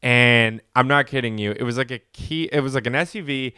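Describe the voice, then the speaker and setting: A man with a smooth, clear mid-range voice co-hosts a casual podcast, telling stories in an easygoing way. His voice is dry and close to the mic. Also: medium pitch, brisk, sharp tone, no room sound. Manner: easygoing storyteller, laughs along. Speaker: podcast co-host. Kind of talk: casual chat.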